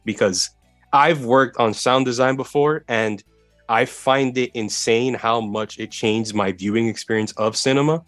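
A man's voice: medium pitch, fairly bright tone, no room sound. A young man hosting a podcast, asking questions in a casual, curious way with many fillers. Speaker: podcast host. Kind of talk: podcast interview.

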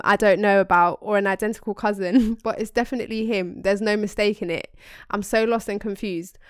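Smooth-voiced young woman, podcast host. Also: medium pitch, no echo, studio quality. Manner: animated, slangy, quick asides. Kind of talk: casual chat, reading a listener email aloud.

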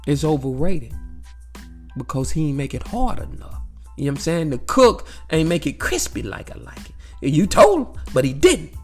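Animated, swearing man musing aloud. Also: a little high, normal speed, faint music behind. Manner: animated, repetitive, peppered with "you know what I'm saying". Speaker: vlogger sharing life views. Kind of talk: casual profane monologue.

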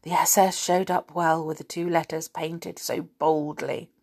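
A woman's voice: low voice, little pitch movement, a little slow, darkish tone. A woman podcast host who recaps the story in a chatty way, with fillers, then reads a children's book aloud.

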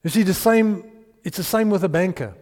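A man preaching a sermon as pastor, earnest, building emphasis and letting phrases trail off softly. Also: sits high, fairly quick, long reverb tail.

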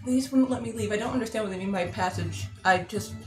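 A woman's voice: medium pitch, fast, music in the background. A woman playing a tabletop game, talking in a playful, giggly way. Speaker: player. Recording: echoey room.

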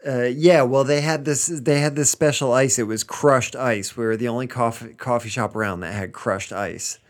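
A man's voice: medium pitch, steady tone, normal speed. A man from the United States co-hosting a casual podcast chat, hesitant, with frequent ums and restarts. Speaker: podcast co-host.

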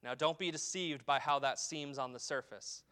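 Man, pastor, sermon, bright forceful voice, slightly high, emphatic rises and drops. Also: clean tone. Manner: preaches with emphatic rises and drops, asks "okay?" often; reads scripture in a slow, falling cadence.

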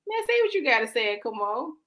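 A woman's voice: a little high, big pitch swings, a little fast, fairly bright tone, low-quality recording. A woman co-hosting a podcast, talking in a blunt, brash, joking way. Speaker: podcast co-host. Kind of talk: casual chat.

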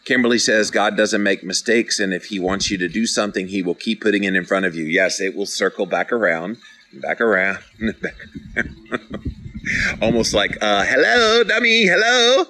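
Bright-toned earnest male podcast host. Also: sits low, steady tone, brisk, few pauses, poor audio. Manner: earnest, encouraging, playfully dramatic. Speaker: podcast host reading live comments. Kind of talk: casual motivational talk.

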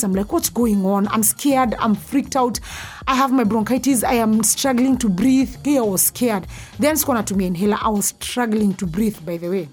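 A young woman, candidly telling a personal story and dropping to a hushed voice when it gets frightening. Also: medium pitch. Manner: candid, intense, drops to a hushed voice at scary parts. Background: faint music.

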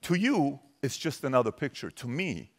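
Casting note: man, 40s, from Iran, punchy motivational speaker working a crowd, moves from loud to soft and intimate. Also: mid-range voice, normal speed. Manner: energetic, emphatic, questions the audience directly. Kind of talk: motivational talk to a live audience.

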